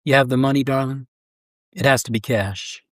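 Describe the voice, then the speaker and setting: A man voicing a worldly, gentle grown woman who is soothing and a bit weary, reading a short story aloud with a soft, coaxing delivery. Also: mid-range voice, normal speed, no echo, clean studio sound, lightly acted. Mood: brisk.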